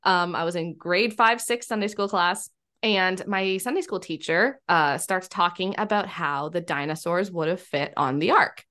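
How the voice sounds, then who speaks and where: A middle-aged woman hosting a podcast, telling a story from her past in a lively, casual way. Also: fairly low pitch, moderate pace. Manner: animated, storytelling. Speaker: podcast host.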